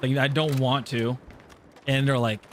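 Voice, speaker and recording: An American man with a slight Southern twang talks through a game on a live stream, his voice sitting at a middle pitch. He rambles from story to story, restarting his sentences as he goes. A faint hiss sits behind him. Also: flat delivery, a little slow. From California. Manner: rambling, self-interrupting storytelling. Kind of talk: casual live-stream chat.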